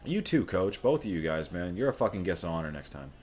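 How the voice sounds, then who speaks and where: Deep-voiced, excitable, profane young man. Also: fast, faint music behind. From Florida, USA. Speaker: livestream host. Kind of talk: live fight watch-along commentary.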